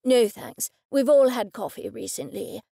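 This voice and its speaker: A woman voicing a formal, precise gentleman in a storybook reading, who enunciates every word loudly and clearly. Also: fairly high pitch, measured pace, no echo, studio quality, exaggerated voice.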